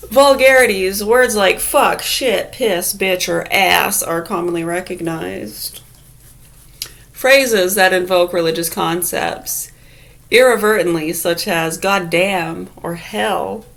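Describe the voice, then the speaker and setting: Woman musing sarcastically, slow and gravelly. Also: fairly low pitch, a bit bright. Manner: reads definitions aloud, then riffs sarcastically with swearing. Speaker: vlogger. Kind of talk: casual musing monologue.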